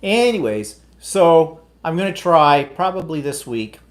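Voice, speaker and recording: A man's voice: fairly high pitch, sing-song, measured pace. Chatty, rambling man co-hosting a live chat. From United States. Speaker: co-host. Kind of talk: casual chat.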